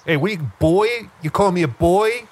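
A man's voice: sits high, a little fast. A man playing a pushy young male street gang member who talks tough and gets defensive.

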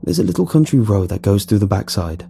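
A man's voice: fairly low pitch, big pitch swings, fast, vocal fry, mellow, faint music behind. A man voicing a joking, stoner male sewer worker in a story reading, casual and teasing.

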